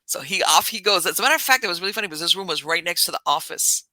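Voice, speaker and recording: A woman podcast host telling a story in a casual, animated way, laughing as she talks. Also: on the low side, racing, no room sound.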